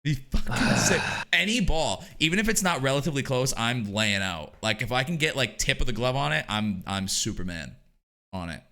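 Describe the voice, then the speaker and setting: Animated young man. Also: medium pitch, fairly quick. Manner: animated storytelling, swears a lot, laughs often. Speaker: podcast co-host. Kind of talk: casual podcast chat.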